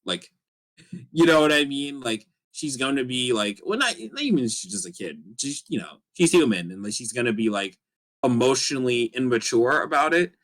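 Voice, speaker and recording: A man chatting casually as co-host of a fan podcast. He rambles and piles up fillers, his voice sitting at an ordinary middle pitch. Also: big pitch swings, moderate pace, fairly bright tone. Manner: rambling, many fillers, acts out character lines. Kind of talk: casual chat.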